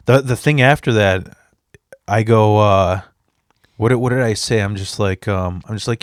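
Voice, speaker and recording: A man's voice: lowish voice, moderate pace, dry recording, clean studio sound. Profane rambling storyteller man. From immigrant. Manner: profane, rambling, animated retelling. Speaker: podcast guest, standup comedian. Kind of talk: casual storytelling chat.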